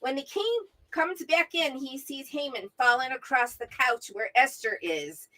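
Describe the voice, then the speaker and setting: A middle-aged woman, mother of her co-host, retelling a Bible story as an animated storyteller who keeps asking "right?". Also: high voice, unhurried, low-quality recording. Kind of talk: casual Bible discussion. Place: at home, remote from her co-host.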